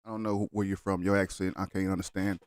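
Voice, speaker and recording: Man, low voice, heated reaction commentary, dry close sound. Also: little pitch movement, quick pace, smooth, dry recording. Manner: blunt, heated, argumentative. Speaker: reaction video host.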